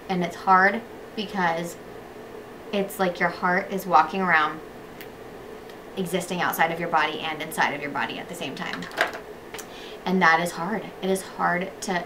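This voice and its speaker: A young woman vlogger talking earnestly to camera, heartfelt and dropping to a hush when it gets emotional. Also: on the low side, noisy background. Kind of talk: casual chat to camera.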